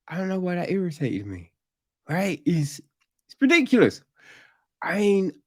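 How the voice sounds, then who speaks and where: A man's voice: fairly high pitch, no echo, studio quality. A man hosting a podcast, reviewing a TV series in a rambling, casual way that turns into exasperated, swearing rants.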